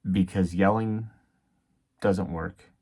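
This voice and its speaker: A man in his thirties giving a casual, reflective devotional talk about parenting as a father, halting with many fillers. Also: deep voice, fairly even intonation, a little mellow, slightly rough. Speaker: faith vlogger and dad.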